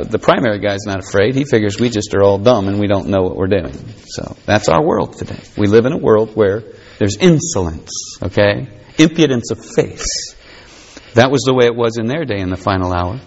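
A male preacher giving a sermon, reading scripture aloud and commenting with folksy asides and chuckles. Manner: swings between high excited bursts and low grave stretches. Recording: dull lo-fi sound.

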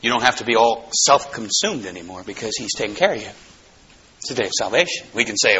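A man preaching a sermon, swinging between soaring exclamations and hushed low asides. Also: expressive, quick pace. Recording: slightly dull, faintly noisy recording.

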